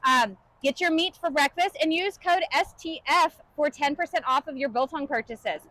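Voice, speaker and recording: A woman's voice: high voice, normal speed, a bit bright, rough recording. A woman from the United States co-hosting a live cooking stream, chatting casually and upbeat while reading out viewer comments.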